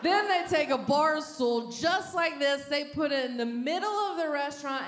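A woman stand-up comedian telling a story, acting out scenes and shouting her punchlines. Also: high-pitched. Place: large comedy venue with audience. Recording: echoey venue, loud audience noise.

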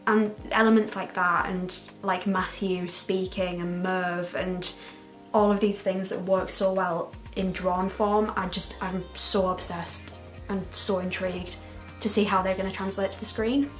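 A woman giving an excited, unscripted reaction to a trailer, gushing, laughing often and close to tears. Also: medium pitch, a little slow, faint music behind. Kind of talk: casual, unscripted reaction commentary.

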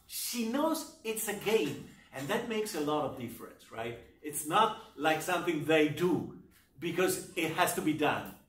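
A male university lecturer with a fairly high voice teaches literature at an unhurried pace, leaning on his key points and often checking in with "okay?" and "right?". He is picked up from across an echoey lecture room, so his voice sounds distant and the room rings around it. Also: animated, a bit bright.

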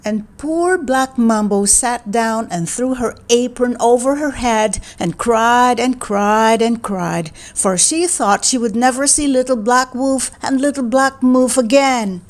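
A woman reading a children's picture book aloud in a gentle, expressive, deliberate way. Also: on the high side. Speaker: read-aloud narrator.

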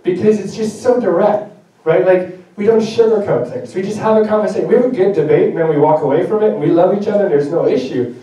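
A high-voiced man delivers a sermon in a direct, chatty manner and pokes fun at himself. His tone is dark and mellow. The echoey church hall rings loudly around him, and the mic sits well away. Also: fast talker, recorded from a distance. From Germany. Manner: direct, conversational, self-joking. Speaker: pastor. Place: church sanctuary.

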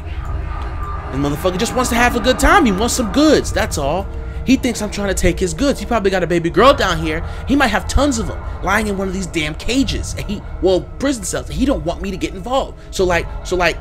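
A man hosting a horror game let's play, talking profanely and nervously, yelping and shouting when scared. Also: high-pitched, lively intonation, a little fast, over music. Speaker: gaming video host.

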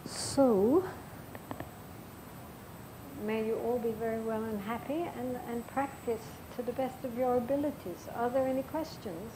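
An older woman giving a Buddhist dharma talk as the teacher, speaking gently and reflectively and telling stories with frequent pauses. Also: on the high side, noisy background.

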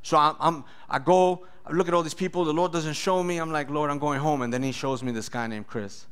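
Animated male pastor preaching. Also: on the high side, a little fast, smooth. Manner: animated, acts out voices with loud bursts. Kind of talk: sermon with testimony.

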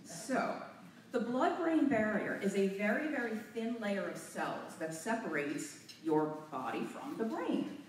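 A nervous, out-of-breath woman giving an animated talk to a live audience in a hotel meeting room, using a handheld mic. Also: mid-range voice, measured pace, hardly any pauses, slight background noise. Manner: animated, laughing, a bit nervous. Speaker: guest speaker. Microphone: handheld mic, recorded from far off. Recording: echoey room from far off.

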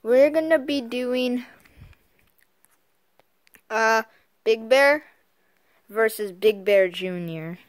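A female host giving casual commentary on a toy fight, halting and repeating herself as she goes. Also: on the high side, no echo, clean studio sound. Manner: halting, repeats "and then" often. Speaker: video host.

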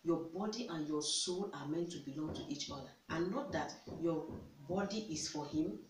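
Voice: medium pitch, normal speed. A vlogger lays out relationship advice in an instructive, emphatic way, hammering key words again and again and throwing out rhetorical questions. The voice sits back from the microphone in a reverberant room. A faint hiss runs underneath. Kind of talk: instructive counseling talk. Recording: echoey room, distant mic, faint hiss.

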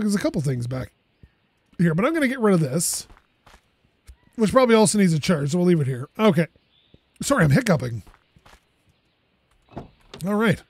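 A man's voice: sits high, no echo. A young man hosting a gaming channel, giving casual, playful let's-play commentary and joking to himself as he plays. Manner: playful, jokey, talks to himself while playing. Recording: game vehicle noise behind voice.

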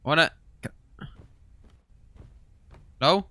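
A man's voice: slow pace, slight background noise. Jumpy young man playing a horror game. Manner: jumpy, swears and yells when startled. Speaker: gaming streamer. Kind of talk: horror game let's-play commentary.

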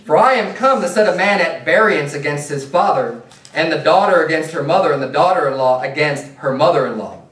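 A pastor preaches a sermon in a church sanctuary, his slightly high, a bit bright voice carrying through the echoing room from a distance from the mic. Animated and fairly quick, he shifts earnestly and plainly between scripture readings and direct appeals.

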